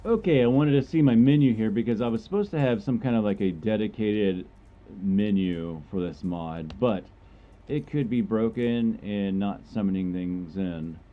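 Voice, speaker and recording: A man's voice: fairly low pitch, normal speed, lo-fi sound. A man giving casual, joking commentary while streaming a game, chatty and rambling as he plays.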